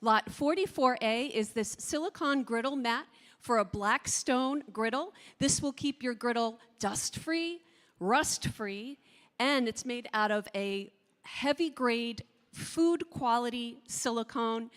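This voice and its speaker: A woman from New Jersey, an auctioneer contestant, pitching items and calling bids in a rapid rhythmic chant on a convention stage. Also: expressive. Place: large convention hall stage. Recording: long reverb of a large hall.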